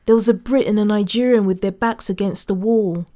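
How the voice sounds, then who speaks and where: A woman's voice: medium pitch, steady tone, a little fast, dark tone, natural voice. A woman voicing a man with a sonorous voice telling a joke to friends at a party. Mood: joking. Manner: sonorous storyteller, building to the punchline.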